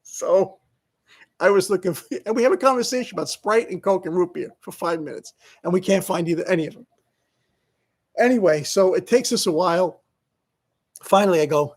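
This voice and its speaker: A man's voice: high-pitched, animated, moderate pace, pauses often, darkish tone. A middle-aged man vlogging in a casual, rambling, self-mocking way, laughing often as he talks. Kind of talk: casual vlog monologue.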